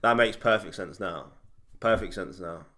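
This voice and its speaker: A young man with a lowish, bright voice talks casually with blunt opinions. He swears freely and keeps the chat animated. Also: moderate pace. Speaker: podcast co-host.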